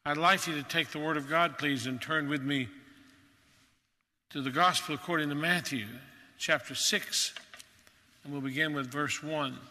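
A man's voice: fairly high pitch, steady tone, moderate pace, long pauses, bright, forceful tone, long reverb tail. A male preacher delivering a sermon in an earnest, emphatic manner.

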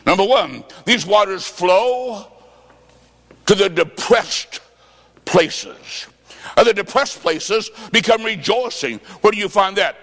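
A fervent evangelist man preaching in a big hall, his fairly high voice ringing out with a long echo. He shouts his points and tells stories in quoted dialogue, sometimes drawing words out almost into song. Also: expressive, takes it slowly. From Illinois, United States. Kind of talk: revival sermon.

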